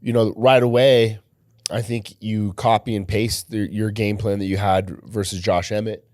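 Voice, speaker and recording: A man's voice: fairly low pitch, fairly even intonation, normal speed, a little mellow, dry recording, clean studio sound. A man co-hosting a casual podcast chat, easygoing, agreeing a lot and swearing now and then. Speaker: podcast co-host.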